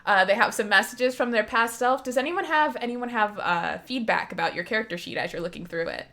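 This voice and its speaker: A woman's voice: fairly high pitch, pushed and bright. Woman running a tabletop stream, chatty and jokey, talking over a call. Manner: chatty, brisk, joking. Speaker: dungeon master.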